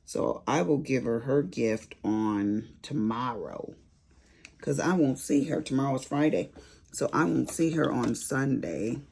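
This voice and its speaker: A woman with an extremely low, gravelly, darkish voice chats casually while diamond painting on camera, speaking unhurriedly over slight background noise. As a crafting vlogger, she's sassy and rambling as she tells her stories.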